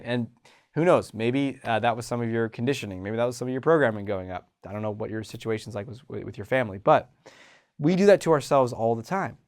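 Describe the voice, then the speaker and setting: A man hosting a self-help show about confidence, talking in an animated way and acting out inner voices. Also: medium pitch, a little fast. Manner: animated, acts out inner voices, frequent restarts. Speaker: host and confidence coach. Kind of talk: motivational self-help talk.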